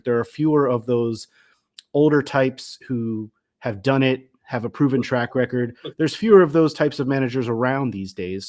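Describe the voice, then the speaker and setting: A man's voice: medium pitch, darkish tone. A man co-hosting a sports podcast, talking casually and often restarting his sentences. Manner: hesitant, many restarts and repeated words.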